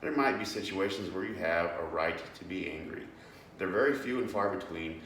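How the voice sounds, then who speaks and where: A man's voice: low-pitched, animated, moderate pace, a bit bright, distant mic. A young man giving a casual devotional talk as host, earnest and plain-spoken, with many fillers and restarts. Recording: echoey room, away from the mic, faint background noise.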